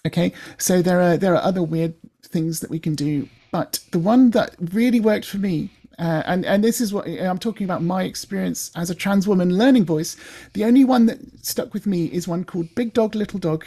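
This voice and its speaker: A woman's voice: on the low side, brisk, dark tone. A woman, working as a voice coach, explaining in a chatty way and demonstrating sounds.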